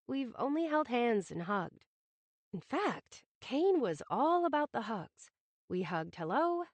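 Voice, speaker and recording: A woman's voice: a little high, no room sound. A woman narrating a first-person romantic comedy audiobook in a wry, self-conscious manner, from a studio booth on a close mic.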